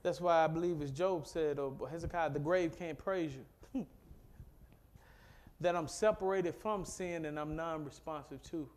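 A middle-aged pastor from Mississippi, preaching with call-and-response that swells from low and quiet to loud and fervent. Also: male voice, unhurried. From Mississippi, USA. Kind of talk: sermon.

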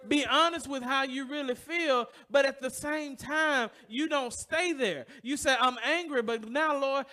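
High-voiced man preaching, asks the crowd to fill in words, really bright sound. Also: a little slow. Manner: call-and-response questions to the congregation; preaching with rising emotion and repetition. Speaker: pastor. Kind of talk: sermon.

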